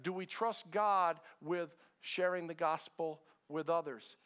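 A man's voice: on the high side, slow pace, fairly bright tone. A middle-aged male pastor preaching a sermon in a conversational way, repeating short phrases and asking the congregation questions. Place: church sanctuary with a congregation.

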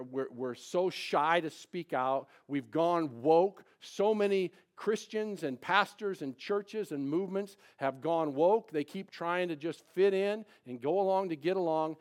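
A fairly high-pitched male pastor preaches live to his church congregation. His sermon alternates loud, emphatic passages with quiet, confiding asides, and he frequently restarts and repeats words.

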